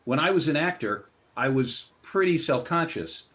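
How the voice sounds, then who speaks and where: A man's voice: a little high, lively intonation, normal speed, a bit bright. A man appearing as a guest author in an interview, telling anecdotes in a broad, expansive way. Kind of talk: interview storytelling.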